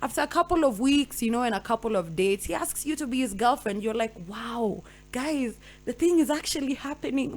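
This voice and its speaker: A young Kenyan woman talks to her radio listeners in a fairly high voice. She tells a relationship story with animated voices for each person and mixes Swahili slang into her English. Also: normal speed. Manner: animated storytelling, acting out both partners. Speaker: radio host. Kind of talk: radio talk monologue.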